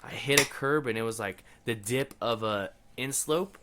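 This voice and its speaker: A man's voice: mid-range voice, normal speed, a bit bright. A young man co-hosting a casual podcast, laid-back and swearing, with lots of "like" and "dude" fillers. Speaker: podcast co-host. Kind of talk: casual chat.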